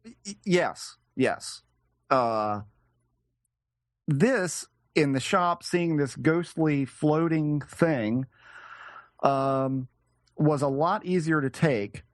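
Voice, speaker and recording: A male podcast guest recounting a personal experience, halting and searching for words with frequent restarts. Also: medium pitch, no room sound.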